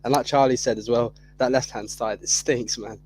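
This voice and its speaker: A man's voice: medium pitch, steady tone, moderate pace, darkish tone, slight background noise, rough recording. A man chatting animatedly on a video-call fan panel, loose and casual with slang. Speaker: panel guest.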